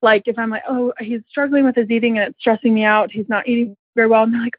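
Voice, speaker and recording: Caller: woman, fairly high voice, sarcastic venting, phone-line sound. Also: fairly even intonation, fast talker, no room sound. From Utah. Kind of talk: casual voicemail.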